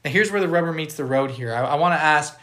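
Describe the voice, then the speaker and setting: A man's voice: on the high side, expressive, fast, a bit bright. A man giving a conversational Bible teaching on a podcast, earnest and explanatory, stopping to put questions to his listeners. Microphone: podcast microphone.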